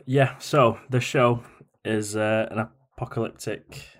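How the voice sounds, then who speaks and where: Hesitant podcast guest, low voice. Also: male voice, steady tone, a little slow. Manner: hesitant, self-conscious, many fillers. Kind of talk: casual chat. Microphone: remote call mic.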